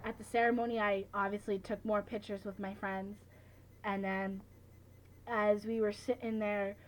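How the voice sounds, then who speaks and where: A young woman in her late teens talks through her memories in a relaxed vlog. Her voice sits at a middle pitch and stays fairly flat in intonation. She is chatty and keeps filling her sentences with "like" and "you know". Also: normal speed, a little hiss or hum, low-quality recording. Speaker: vlogger. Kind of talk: casual vlog recap.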